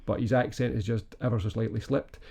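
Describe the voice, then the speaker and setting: A man co-hosting a film review podcast in relaxed, casual chat, laughing often. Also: mid-range voice, fairly quick, creaky. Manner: relaxed, chuckles often, many fillers. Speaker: podcast co-host.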